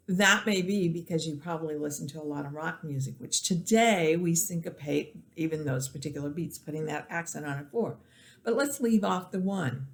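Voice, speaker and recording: Woman, music teacher, lower voice, recorded lecture, counts beats aloud, explanatory with restarts. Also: moderate pace.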